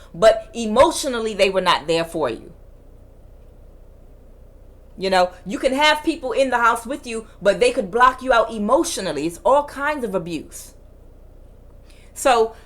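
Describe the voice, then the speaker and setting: A woman reading tarot cards in a forceful, emphatic way that can sound like yelling, repeating her phrases for emphasis. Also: fairly high pitch. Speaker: tarot reader.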